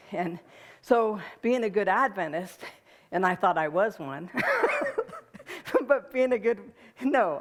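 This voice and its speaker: Emotional, laughing woman giving a testimony. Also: medium pitch. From United States. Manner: animated and emotional, laughs often, many restarts. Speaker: guest speaker. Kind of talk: personal testimony talk to an audience.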